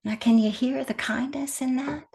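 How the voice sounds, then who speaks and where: A woman giving a meditation talk as a teacher, speaking gently and softly and sometimes dropping to a whisper. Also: high voice, steady tone, normal speed. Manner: gentle and soft-spoken, with hushed whispered phrases.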